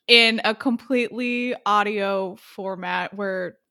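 A woman's voice: medium pitch, fairly even intonation, slow, gravelly, sharp tone, smooth. A woman hosting a podcast, asking curious, upbeat questions in a casual interview. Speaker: podcast host.

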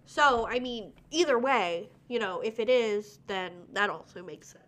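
A woman's voice: fairly high pitch, expressive, unhurried, fairly bright tone. A woman in casual conversation about a film, mostly agreeing briefly and now and then adding a point she read. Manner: brief agreeing backchannel, adds trivia. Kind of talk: casual movie chat.

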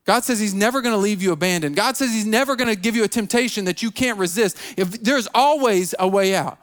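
High-voiced preacher with a drawl. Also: male voice, a little fast, a bit bright. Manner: repetitive, stammering restarts, acts out quoted excuses. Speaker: pastor. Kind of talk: sermon.

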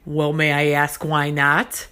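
A woman imitating a condescending middle-aged male dog trainer who asks slow, patronizing questions over the phone. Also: deep voice, monotone, pushed and bright, clear, resonant tone, heavily acted.

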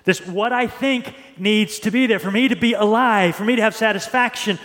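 A male pastor preaching a sermon in an earnest way, often repeating and restarting words and reading scripture slowly. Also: sits high, fairly bright tone. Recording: reverberant hall.

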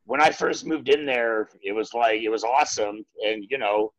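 A man's voice: medium pitch, moderate pace, fairly bright tone, no echo, muffled recording. A man in casual chat, telling a laid-back story with plenty of swearing.

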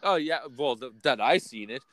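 Man, podcast host, profane, rambling, loud-then-quiet swings, middle pitch, dry close sound. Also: animated, normal speed, no room sound. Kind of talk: unfiltered casual rant.

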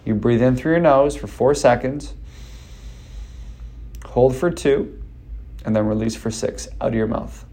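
Energetic man giving coaching advice. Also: medium pitch, a little slow, pauses often. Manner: energetic, repeats himself, many fillers and restarts. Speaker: speech coach. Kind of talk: casual advice talk.

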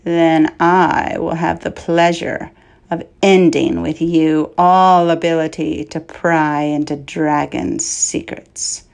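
A woman voicing a huge, wicked, boastful male dragon in a storybook, speaking in a slow, sneering, menacing way. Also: low voice, little pitch movement, gravelly, darkish tone, smooth, exaggerated voice.

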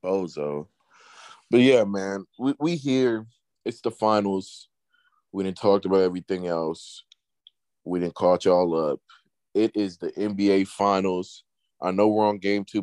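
A man's voice: low-pitched, moderate pace, darkish tone, no room sound. A man co-hosting a casual sports podcast, blunt, emphatic and heavy on profanity. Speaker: podcast co-host.

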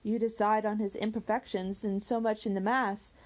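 A woman voicing a calm, sensible young woman who speaks softly and reasons carefully. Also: medium pitch, close to an everyday voice. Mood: reasoning. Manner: measured, soft, reasoning.

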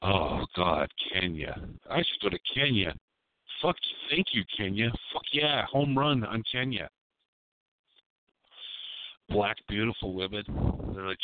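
A man hosts a live call-in radio show, rambling in a crude, provocative way. His voice sits a little low. The sound is dry and tinny, like it comes over a phone line. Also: expressive, measured pace, dry recording.

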